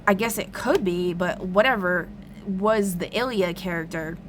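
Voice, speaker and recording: A woman's voice: on the low side, measured pace, noisy background. Rambling, swearing woman, casual vlog. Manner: rambling, lots of "like", frequent swearing. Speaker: tarot reader recounting a dream.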